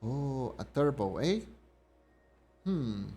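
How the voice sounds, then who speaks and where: A man's voice: medium pitch, very animated, drawn-out words, warm tone. A young man streaming a game, musing to himself and reading the game text aloud. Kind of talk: casual game commentary. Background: faint game music.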